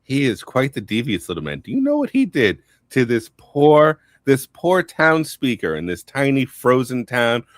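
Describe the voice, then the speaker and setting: A man's voice: mid-range voice, wildly swooping pitch, moderate pace, few pauses, dry recording, clean studio sound. A man narrating a tabletop game as game master on a live talk show, playful and laughing often.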